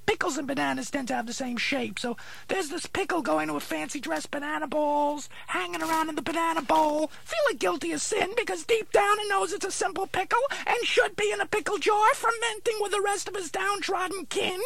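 A man voicing a cranky male dummy who plays a vegetable therapist, gruff, impatient and sarcastic. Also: very high voice, brisk, hardly any pauses, pushed and bright, voice pushed up, exaggerated voice. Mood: deadpan. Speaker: ventriloquist's dummy. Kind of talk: ventriloquist comedy routine.

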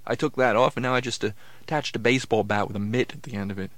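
A man's voice: mid-range voice, fast talker, a bit bright, no echo. A man hosting a comedy sketch, playful and mock-helpful as he teases his partner.

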